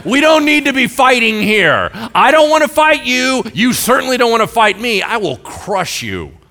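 A man's voice: very high voice, big pitch swings, moderate pace, pushed and bright, pitched above the performer's own voice, heavily acted. A pastor acting out a boastful, mighty ancient king who mocks and threatens a weaker rival. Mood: mocking threat. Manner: taunting and swaggering.

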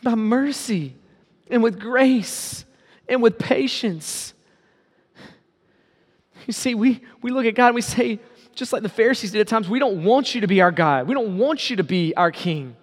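High-voiced pastor preaching in a reverberant hall. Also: male voice, expressive, measured pace, long pauses. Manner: pleading, rising to loud appeals then dropping low. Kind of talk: sermon.

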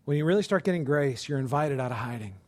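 A man preaching a sermon in a conversational way, asking the listeners rhetorical questions and rising to loud, emphatic passages. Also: medium pitch, expressive, fast, no room sound.

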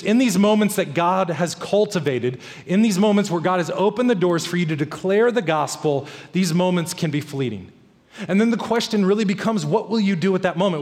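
A man's voice: high-pitched, a little mellow, big-room sound. A man preaching a sermon to his church as pastor, emphatic and repeating key phrases for weight.

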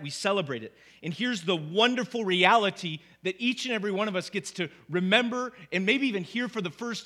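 Bright-voiced man preaching a conversational sermon. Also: high voice. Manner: conversational, asks the congregation "right?". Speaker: pastor.

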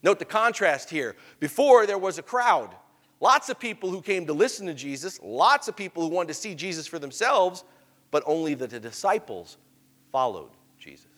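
A man preaches a sermon in a fairly high voice, telling the story with lively, animated emphasis. He drops to hushed asides, then builds back up. His voice rings with long reverb, as if from a large hall. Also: moderate pace.

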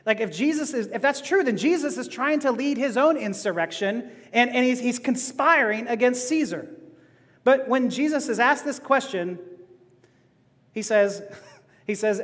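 Guy preaching a sermon, pretty high voice, lively, laughs a lot, big echoey church sound. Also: normal speed. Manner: animated, laughing often, acting out dialogue. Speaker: pastor. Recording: long hall reverb.

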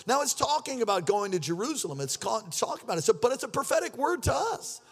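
A man preaching an energetic sermon as pastor, shouting and leading the congregation in call-and-response. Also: extremely high pitch, quick pace, husky. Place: church sanctuary.

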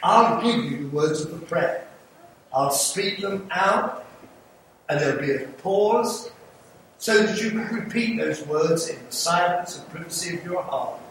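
Older English evangelist in an echoey church. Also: male voice, fairly high pitch, animated, measured pace, a bit bright. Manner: earnest pleading, jokes with congregation. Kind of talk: sermon with altar call. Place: church sanctuary. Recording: echoey hall, mic far off, audible room noise.

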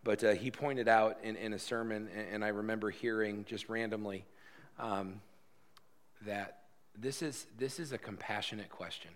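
A man preaching a sermon in church, earnest and repeating his key phrases, growing loud and lively when he jokes with the congregation. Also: fairly low pitch, normal speed. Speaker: pastor.

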